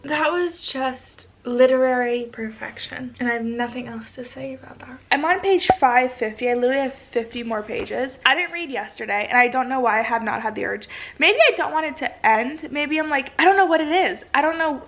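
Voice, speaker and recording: A woman's voice: high voice, fairly quick, fairly bright tone. A young woman vlogging casually about a book she is reading, gushing, emotional and breathless as she talks.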